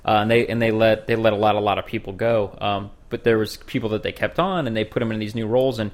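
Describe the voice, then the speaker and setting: A man's voice: lowish voice, fairly even intonation, fast. A man hosting a casual talk, joking and often restarting his sentences. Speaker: host. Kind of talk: casual chat.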